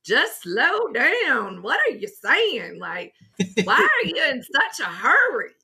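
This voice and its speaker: Woman doing a Southern drive-thru lady, Southern accent, slow drawl, high and sing-song. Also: huge pitch swings, vocal fry, bright, forceful tone, exaggerated voice. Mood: gently teasing.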